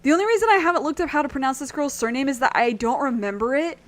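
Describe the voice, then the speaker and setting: A woman streaming a video game, chatting in a rambling, animated way and swearing freely. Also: high voice, very fast. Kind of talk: casual gameplay chat.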